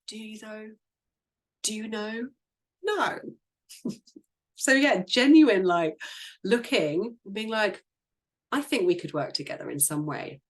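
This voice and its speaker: Chatty lady sales coach, laughs a lot, acts out little quotes. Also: a little high. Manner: chatty, laughs often, lively quoting. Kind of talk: casual group discussion.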